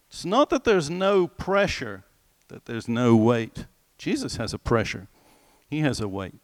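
A man preaching a sermon in a conversational, animated way, asking the listeners questions and slowing down for scripture. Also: medium pitch, dry recording. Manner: slows right down when quoting scripture.

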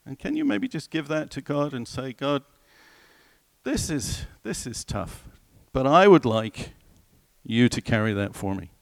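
A man preaching a sermon in a conversational, animated way, asking the listeners questions and slowing down for scripture. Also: mid-range voice, no room sound. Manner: slows right down when quoting scripture.

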